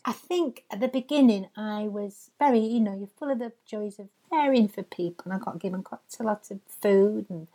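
A woman's voice: mid-range voice, dark tone. Teasing woman hosting a podcast. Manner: homely, teasing, calls people love. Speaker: podcast host. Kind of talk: chatty comic podcast banter. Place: home back bedroom.

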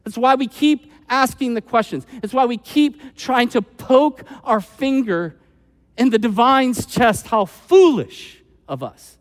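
High-voiced preacher in a reverberant hall. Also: male voice, takes it slowly. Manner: animated, acts out quoted voices; conversational, with frequent "like" asides. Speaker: pastor. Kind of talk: sermon.

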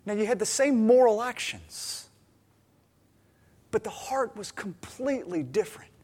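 This pastor's voice sits high and sounds slightly rough, and he takes his time. During his sermon he tells stories animatedly, giving voice to each person in them.

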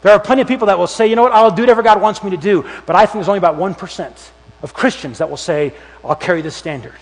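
A youth pastor with a high-pitched male voice delivers a very fast, lively sermon, acting out characters through shouts, whispers, and sudden jumps in volume. His words ring through a large hall with a long, lingering reverb.

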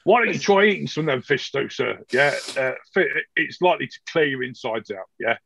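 A man's voice: mid-range voice, expressive, fairly quick, gravelly, fairly bright tone, breathy edge, lo-fi sound, exaggerated voice. A man voicing an obsequious male innkeeper who rambles to please his guest. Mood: teasing. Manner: fawning, rambling.

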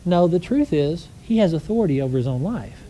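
A man preaching a conversational sermon, telling stories with lively energy and asking the congregation rhetorical questions. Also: fairly high pitch, a little fast, slight background noise.

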